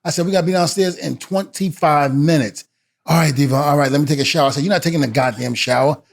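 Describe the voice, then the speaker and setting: His voice is a little high and creaky, and he talks quickly. A middle-aged man who used to wrestle, he's a guest telling a lively story, voicing each person's lines in shifting voices and laughing between them.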